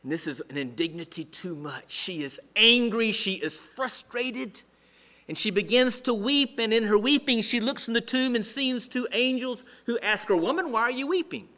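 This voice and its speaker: A male pastor preaching a sermon with humorous storytelling, animated but dropping to a hush at solemn moments. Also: high voice, normal speed.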